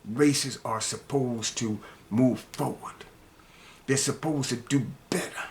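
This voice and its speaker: An older man delivering an angry, scolding monologue rant, repeating himself and dropping to low mutters between heated outbursts. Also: slow, a little hiss or hum. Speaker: commentator ranting to camera.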